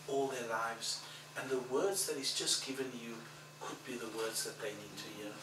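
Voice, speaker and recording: A man preaching a storytelling sermon, acting out each exchange in his story. His voice carries through a roomy, echoing hall, picked up from some distance with steady background noise. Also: mid-range voice, a little slow. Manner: animated storyteller, acts out dialogue, laughs at own story. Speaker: pastor. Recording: echoey hall, mic at a distance, background ambience.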